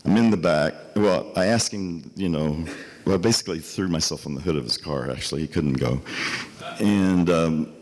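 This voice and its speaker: A man's voice: extremely low pitch, moderate pace, darkish tone. A man, a hospital architect, speaking at a fundraising banquet in a hotel hall, telling an anecdote and acting out the dialogue with growing emotion. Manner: storytelling, acts out the dialogue, grows emotional. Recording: long reverb of a large hall.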